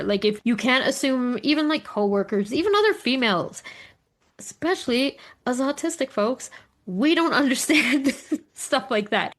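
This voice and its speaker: A middle-aged woman chatting casually on a podcast, telling stories animatedly, swearing freely and acting out what others said. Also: a little high. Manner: animated storyteller, swears freely, acts out quotes. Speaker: podcast co-host. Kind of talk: casual chat among friends. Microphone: studio microphone.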